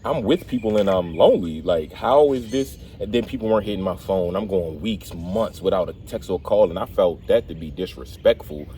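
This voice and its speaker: Animated lowish male host. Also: a little fast, hardly any pauses, a little hiss or hum. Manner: animated storyteller, laughs at himself. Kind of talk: casual conversation.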